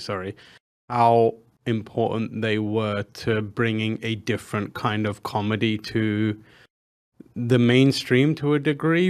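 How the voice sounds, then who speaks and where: A man co-hosting a podcast, talking in an earnest, thoughtful way with frequent restarts. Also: on the low side. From outside America. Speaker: podcast co-host. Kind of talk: casual chat.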